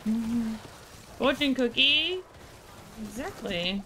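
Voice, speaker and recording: A woman's voice: on the high side, animated, slow pace, sharp tone, slight background noise. A woman with an Australian accent, streaming and chatting casually with viewers, playful, laughing often and baby-talking to her dog.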